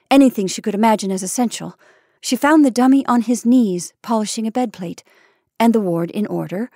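A woman's voice: medium pitch, a little mellow, no echo. Woman reading a story, dry close sound. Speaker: story reader. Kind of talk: scripted narration.

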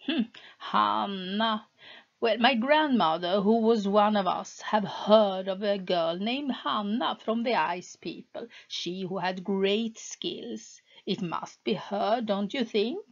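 A woman voicing an old, toothless witch who talks in a calm, knowing way in a storybook reading. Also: medium pitch, slow pace, dull audio. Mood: musing.

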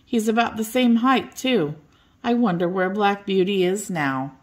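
A woman voicing a kind young male groom who talks in an excited, eager way. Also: mid-range voice, a little slow, natural voice. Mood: overjoyed.

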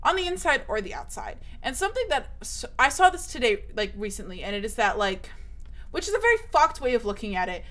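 A woman's voice: a little high, very animated, a little fast, a bit bright. A young woman streaming, chatting casually, emphatic and swearing often, her voice shooting up when she gets worked up.

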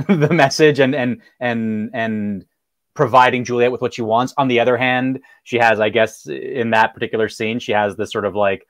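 A man's voice: mid-range voice, fairly even intonation, normal speed, fairly bright tone, dry recording. A man in a casual discussion, talking hesitantly and rambling with many fillers. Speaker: panelist.

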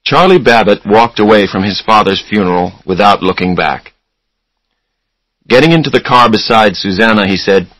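A man narrating a story for English learners in a slow, clear reading style. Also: on the low side, lively intonation, a bit bright, no echo, low-quality recording.

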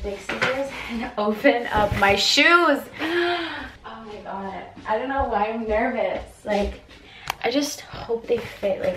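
A young woman in a casual unboxing vlog, chatty and gushing, full of "like" and "oh my god". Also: medium pitch. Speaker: beauty vlogger. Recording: roomy echo from a distance, with noise behind.

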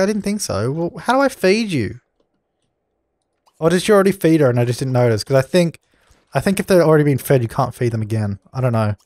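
A man's voice: medium pitch, a little mellow, dry recording, clean studio sound. A young man doing let's play commentary, bossy and exasperated as he scolds the characters on screen. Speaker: gaming channel host.

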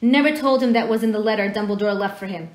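Hagrid, a booming rustic giant as a woman reader puts him on. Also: expressive, fairly quick, close to an everyday voice. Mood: furious. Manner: rough rustic dialect, booming. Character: huge gruff jolly man, quick-tempered.

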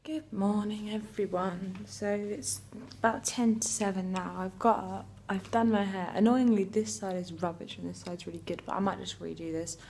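A young woman talks casually to a handheld camera, rambling along with plenty of ums and likes. Her pitch sits right in the middle for a woman. A faint hiss of noise runs under the recording. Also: steady tone, moderate pace, few pauses, a little mellow. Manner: chatty, rambling, lots of fillers. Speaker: vlogger.

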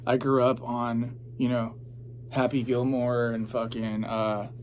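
A man's voice: medium pitch, flat delivery, slow, a little mellow, slight background noise. A young man chatting casually as a podcast host, rambling with lots of fillers and swearing freely. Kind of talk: casual chat.

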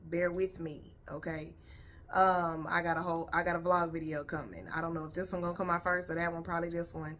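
A woman's voice: lowish voice, little pitch movement, brisk, fairly bright tone, a little hiss or hum. A woman vlogger chatting casually to her viewers, blunt and profane, tired and her voice a little worn. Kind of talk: casual reaction video chat. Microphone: headphones on.

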